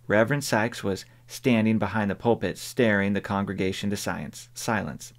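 Reading a novel aloud, this male audiobook narrator delivers scripted narration in a measured, even way. His voice leans low.

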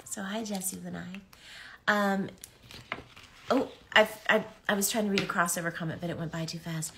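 Woman, middle-aged, casual live-stream chat, bubbly, chatty, fills pauses with um. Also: on the low side, steady tone, pushed and bright, a little hiss or hum. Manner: chatty and bubbly, reading comments aloud, many ums. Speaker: voice actress signing autographs on a live stream.

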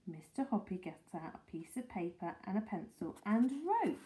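Animated woman reading a children's story. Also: medium pitch, normal speed, few pauses, poor audio. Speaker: storybook reader.

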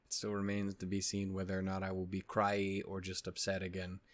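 Low-pitched and monotone, this man talks fairly quickly with no echo around him. As the host of an anime reaction channel, he's exhausted and yawning, grumbling, swearing, and starting over again and again in laid-back vlog talk.

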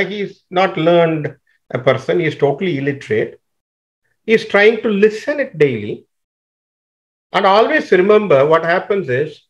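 A man tells a teaching story in a fairly high voice. He talks animatedly and restarts his phrases often. The recording sounds dull and lo-fi. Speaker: teacher explaining scripture. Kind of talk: storytelling explanation.

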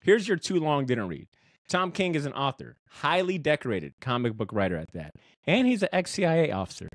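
A man's voice: on the high side, sing-song, fairly quick, dry recording. Podcast host guy hyping things up with slang and jokes, pretty dry sound. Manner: hyped, joking, slangy banter. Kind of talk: casual podcast chat.

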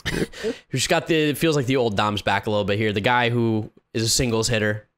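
A man's voice: on the low side, fairly quick, fairly bright tone, clear, resonant tone. A man co-hosting a sports podcast in casual chat, complaining wryly about his team's poor play. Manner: exasperated, complaining, wry. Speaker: podcast co-host.

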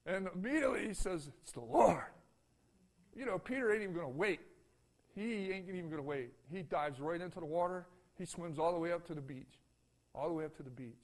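A man preaching a sermon in a church, folksy and repetitive, swinging between loud calls and soft, hushed lines and asking for an "Amen". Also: high-pitched. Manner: folksy, repeats phrases, asks the congregation "Amen?". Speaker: pastor.

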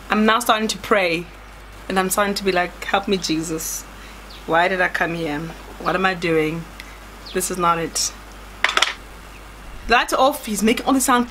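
Animated young woman telling a story. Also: a little high, a little hiss or hum. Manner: animated, dramatic, chatty, addresses viewers as "guys". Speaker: vlogger. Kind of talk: storytime vlog.

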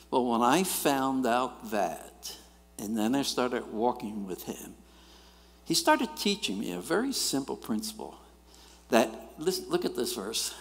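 Gravelly man preaching in a church hall. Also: mid-range voice, normal speed. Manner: animated storytelling, jumps between loud and quiet. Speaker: guest preacher. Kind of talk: sermon. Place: church sanctuary.

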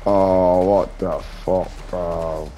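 A man's voice: low-pitched, steady tone, drawn-out words, dark tone, muffled recording, faint music behind. A man casually commentating his gameplay, joking, swearing and bantering with viewers. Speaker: gaming streamer.

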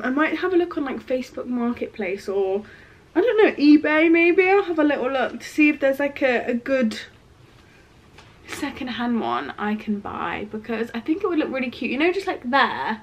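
Chatty young woman vlogging at home. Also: a little high. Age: 20s. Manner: chatty, lots of "like" fillers. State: slightly ill, throat rough. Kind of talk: casual vlog chat. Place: student flat, indoors.

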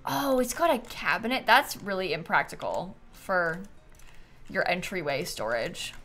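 A woman's voice: on the low side, animated, measured pace, fairly bright tone, faint music behind. A woman streaming a game, chatting casually and musing aloud as she decorates, talking to her chat and sleepy enough to keep yawning. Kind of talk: casual livestream commentary while playing.

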